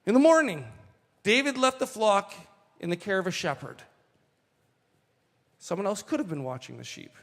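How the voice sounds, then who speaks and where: A man preaching a sermon, reading scripture and adding animated asides to the congregation. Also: sits high, in a large hall. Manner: animated, slows for quoted lines, asides to the congregation. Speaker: pastor.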